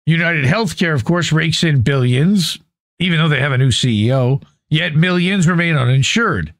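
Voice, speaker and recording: On the high side and animated, this man's voice moves at normal speed in a dry recording. Hosting a podcast, he works through an article aloud and keeps cutting in with blunt, opinionated remarks and offhand swearing.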